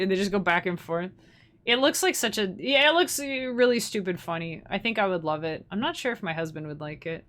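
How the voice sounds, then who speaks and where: A woman's voice: medium pitch, expressive, brisk, sharp tone. A young woman, hosting a livestream in casual, rambling chat and laughing often. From Canada. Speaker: livestream host.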